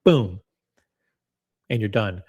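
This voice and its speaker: A man hosting a casual livestream, chatty and blunt, reading viewer comments aloud with quick restarts and self-deprecating asides. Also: fairly low pitch, expressive, a little mellow, breathy edge, muffled recording. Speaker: livestream host reacting to watch predictions.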